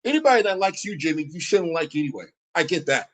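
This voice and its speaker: Profane, combative man, high voice. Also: very animated, fast, a bit bright, poor audio. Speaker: streamer reacting to a video. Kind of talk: heated reaction commentary.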